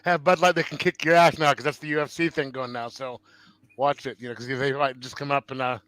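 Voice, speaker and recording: A man in loose livestream banter, his voice bright and a touch high, recorded close and dry with no room sound. He rambles, leans on fillers and ribs the others. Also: fairly even intonation, fairly quick, clean tone, dry recording, rough recording. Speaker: co-host on a comics livestream. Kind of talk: casual livestream chat.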